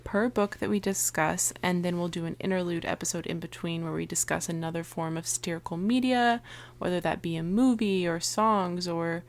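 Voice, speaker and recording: A woman's voice: on the low side, moderate pace. A young adult woman co-hosting a podcast in casual chat, talking with frequent "um"s and laughing easily. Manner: chatty, laughs often, hesitant fillers. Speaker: podcast co-host.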